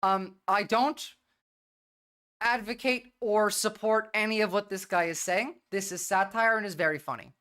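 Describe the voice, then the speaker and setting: A woman's voice: mid-range voice, moderate pace, a bit bright. A woman hosting a livestream, talking bluntly and rambling in casual commentary. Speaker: livestream host.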